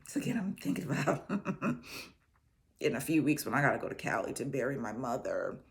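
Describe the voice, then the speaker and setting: A middle-aged woman casually retelling Bible stories and giving encouragement, chatty and animated, slipping into quick voices for the characters. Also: extremely low pitch, vocal fry. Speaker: host sharing a personal testimony.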